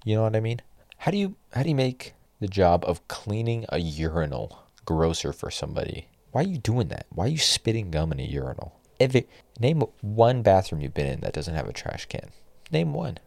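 A man's voice: deep voice, very animated, a little fast, vocal fry, a little mellow, dry recording. A young man hosting a solo podcast, ranting with exasperation and lots of swearing. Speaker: podcast host.

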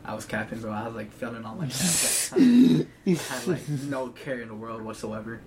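A man's voice: mid-range voice, expressive, brisk, crowd noise. A teenage man in casual chat, telling rambling stories in heavy slang. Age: teens. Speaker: co-host. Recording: distant mic with background hiss.

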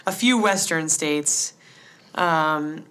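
Woman co-host, lower voice, casual and rambling, quick to laugh. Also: a bit bright, smooth. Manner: rambling, laughs often, many "like" fillers. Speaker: podcast co-host. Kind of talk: casual recap chat.

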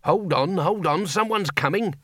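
A man voicing a nervous, bookish older wizard in an audiobook, speaking in a worried, hushed way. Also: fairly high pitch, expressive, moderate pace, dry recording, studio quality, voice pushed up. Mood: anxious.

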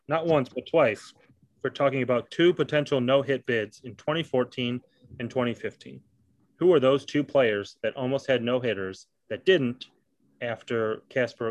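A man's voice: medium pitch, dry recording. A man hosting a podcast, chatting casually about baseball and teasingly quizzing his co-host. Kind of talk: casual sports chat.

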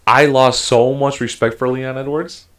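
A man's voice: medium pitch, steady tone, normal speed. A man co-hosting a casual sports chat, talking heatedly and emphatically with lots of swearing. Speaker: podcast co-host.

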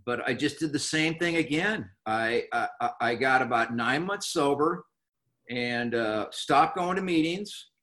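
Brief: middle-aged man, sharp bright voice, halting confessional storyteller. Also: medium pitch. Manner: halting, many restarts and fillers, wry. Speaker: recovering alcoholic guest. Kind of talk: candid personal recovery story.

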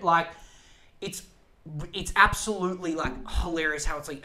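A man's voice: a little high, moderate pace, pauses often. A young man hosting a podcast, ranting in a casual, rambling way with lots of swearing and restarts. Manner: rambling, profane, animated, self-interrupting. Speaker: podcast host.

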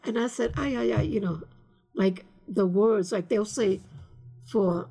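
Older woman interviewee, husky and a bit gravelly, chatty and rambling, drops into Spanish. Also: mid-range voice, steady tone, slow, warm tone. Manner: rambling, many fillers, slips into Spanish phrases. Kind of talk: casual storytelling.

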